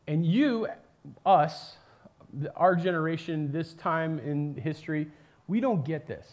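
A man preaching a sermon in a casual, animated storytelling way, with lots of fillers and asides. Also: fairly high pitch, takes it slowly. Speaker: pastor. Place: church.

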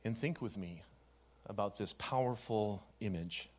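A man, a pastor, leading a congregation through a gentle guided meditation with easy fillers. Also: fairly low pitch, measured pace. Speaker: youth pastor.

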